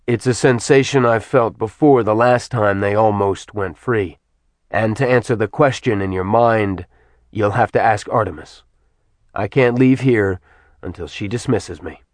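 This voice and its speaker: A bored immortal man drawls dry remarks in a low, quiet voice, as a male narrator plays him. The sound is close and dry. His tone stays weary and wry in this storybook reading. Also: unhurried, no room sound, lightly acted. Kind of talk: audiobook character voice.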